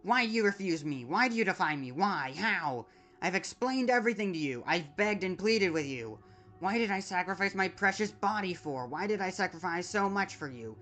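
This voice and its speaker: A desperate female android in a video game pleads and then sinks into despair, as a streamer reads her lines aloud. The voice sits in a middling pitch and keeps the flat cadence of someone reading game text off the screen. Soft game music plays faintly underneath. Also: normal speed, close to an everyday voice. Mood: pleading, insistent. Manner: reading game dialogue aloud with self-corrections.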